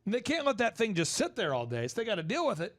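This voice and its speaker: A man hosting a casual podcast, rambling and animated as he acts out what people say. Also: sits high, quick pace, no room sound, studio quality. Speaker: podcast host promoting a dog training business.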